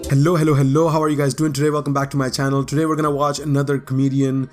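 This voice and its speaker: A man hosting a reaction video, talking in a friendly, chatty way with quick interjections. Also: mid-range voice, level tone, soft background music. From Pakistan. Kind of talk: casual reaction commentary.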